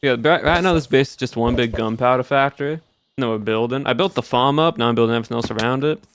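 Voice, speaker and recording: A man's voice: mid-range voice, fast, a little hiss or hum. A game streamer chatting casually with viewers in a put-on Southern US drawl, easygoing as he plays. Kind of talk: casual live-stream chat while playing.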